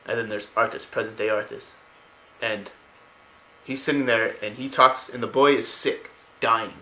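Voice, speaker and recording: An excited man rambles through a story retelling, swearing now and then. His voice is bright and forward, with a medium pitch. The recording sounds roomy and echoing. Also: normal speed, a little hiss or hum. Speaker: lore explainer.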